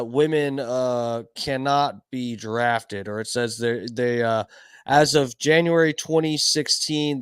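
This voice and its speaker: A man's voice: mid-range voice, clear, resonant tone, no room sound, studio quality. A man streaming live, reacting to speeches with crude, rambling, joking commentary full of fillers.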